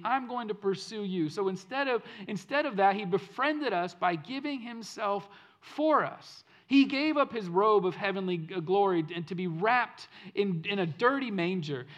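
A male pastor preaching a sermon in an earnest way, repeating phrases for emphasis and telling stories, swinging from loud to hushed. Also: high-pitched. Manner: storytelling delivery that swings between loud and hushed.

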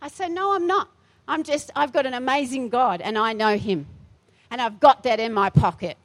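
A woman's voice: a little high, moderate pace. A middle-aged woman pastor delivering a feisty, emphatic sermon in a church, repeating her phrases for force.

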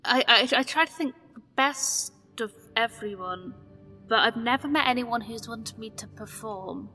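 A woman's voice: fairly high pitch, measured pace, bright, forceful tone. A woman playing a tabletop role-playing game, speaking in character in a playful, hesitant way with many restarts. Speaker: player. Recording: long reverb, faint music behind.

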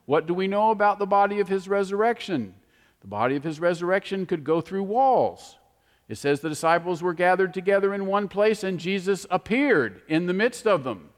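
A man preaching a sermon, animated and storytelling, moving from emphatic to hushed. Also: high voice, normal speed. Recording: long hall reverb.

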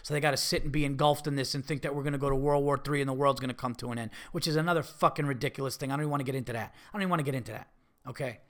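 A man's voice: mid-range voice, steady tone, racing. A man hosting a comedy podcast, ranting emphatically with heavy profanity. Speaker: podcast host.

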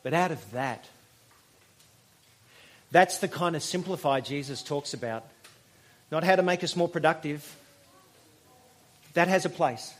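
A man preaching a sermon as a pastor, conversational, telling stories and pausing for emphasis. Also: a little high. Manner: conversational, storytelling, with emphatic pauses.

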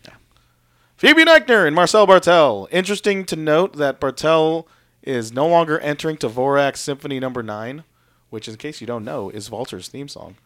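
A man's voice: on the high side, lively intonation, moderate pace, a bit bright, no room sound. A young man co-hosting a casual chat show, recapping match action play by play in a dry, joking way. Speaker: podcast co-host recapping wrestling.

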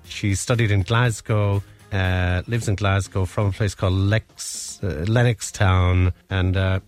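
A man's voice: low voice, steady tone, a little slow, faint music behind. A man, co-hosting a show, chatting casually and rambling through a story with frequent chuckles. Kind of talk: casual chat.

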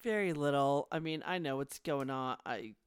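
A woman's voice: rumbling low, normal speed, smooth, no echo. Laid-back woman co-host, swears casually, dry close mic. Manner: relaxed, candid, profane. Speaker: podcast co-host. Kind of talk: casual chat.

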